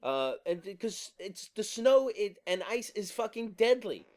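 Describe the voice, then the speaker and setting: A man with a fairly high voice rants on his podcast in an exasperated, swear-filled monologue. He talks casually, as if venting to a friend. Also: very animated, a little slow, a little mellow. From New Jersey. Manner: profane, exasperated ranting. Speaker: podcast host.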